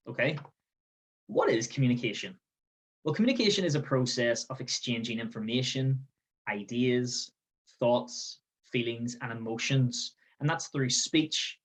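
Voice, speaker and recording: A man leads a workplace training webinar in a clear, explanatory way. He breaks ideas into short lists and keeps asking "okay?" to bring the listener along. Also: medium pitch, low-quality recording. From Northern Ireland. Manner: explanatory, repeats "okay?" as a check-in. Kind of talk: webinar presentation. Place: outdoors in the sun.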